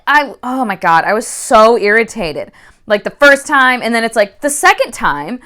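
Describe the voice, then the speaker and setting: A woman's voice: a little high, sing-song, moderate pace, a bit bright. A woman giving a casual book review, exasperated and swearing often.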